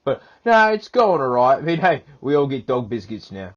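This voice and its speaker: A man's voice: mid-range voice, big pitch swings, normal speed, muffled recording. An Australian man telling an absurd story in a rambling comic monologue, full of "like" and "mate". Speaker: comedian.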